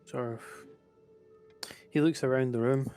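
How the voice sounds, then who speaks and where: A man's voice: medium pitch, steady tone, unhurried, warm tone, soft background music. A man playing a tabletop game, describing his character's actions in the third person and speaking his lines. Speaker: player.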